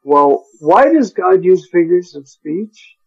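A man leads a Bible study at an unhurried, deliberate pace, taking his time over each Greek word. His voice sits a little high for a man. The recording sounds dull and lo-fi. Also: big pitch swings, husky. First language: English. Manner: slow, deliberate, spells out Greek words, chuckles at own stumbles. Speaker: Bible teacher.

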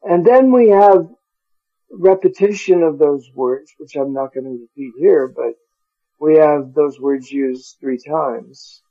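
Slow, deliberate man teaching Bible Greek. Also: fairly high pitch, dull audio. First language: English. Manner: slow, deliberate, spells out Greek words, chuckles at own stumbles.

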